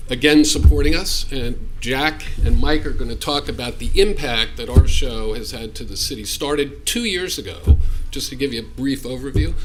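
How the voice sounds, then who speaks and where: A man's voice: mid-range voice, fairly bright tone, slight background noise. A man, a car show producer, giving a matter-of-fact public comment at a city meeting podium.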